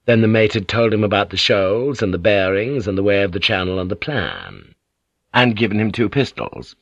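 A man reading an audiobook in a steady, measured narration. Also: lowish voice, no room sound, highs cut off. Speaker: audiobook reader. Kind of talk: scripted narration.

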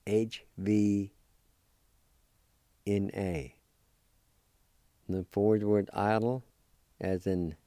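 A middle-aged man giving a slow, deliberate spelling and pronunciation lesson, spelling out letters one by one. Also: fairly low pitch, warm tone, dry recording, clean studio sound. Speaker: radio language teacher.

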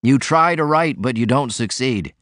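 A man's voice: mid-range voice, lively intonation, normal speed, a bit bright, no room sound, studio quality, pitched above the performer's own voice, close to an everyday voice. A man voicing a sickly, sardonic man with a mocking, cutting way of talking.

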